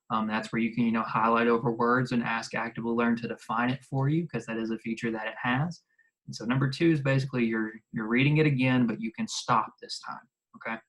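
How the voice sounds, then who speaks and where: A man's mid-range voice comes through poor audio as he teaches a recorded video lesson. He speaks casually and goes over instructions slowly, more than once, so students can write them down.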